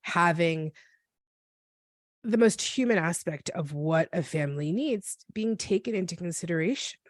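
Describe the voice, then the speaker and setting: A woman in her forties telling her story as a podcast guest, earnest and reflective, often halting and restarting. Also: lowish voice, lively intonation, dry recording, studio quality. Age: 40s. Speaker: guest, NICU parent. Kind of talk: personal storytelling in a podcast interview.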